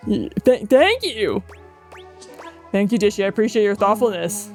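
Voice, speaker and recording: A woman casually commenting while playing a video game, excitable, swearing, laughing and mimicking characters. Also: medium pitch, normal speed, faint music behind. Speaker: gaming streamer. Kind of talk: casual let's play commentary.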